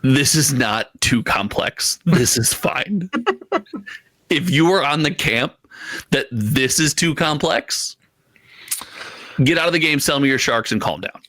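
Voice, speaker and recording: Bright-voiced wisecracking man. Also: a little high, lively intonation, dry recording. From Italy. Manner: teasing, quick wisecracks. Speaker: podcast co-host. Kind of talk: casual chat about trading card games.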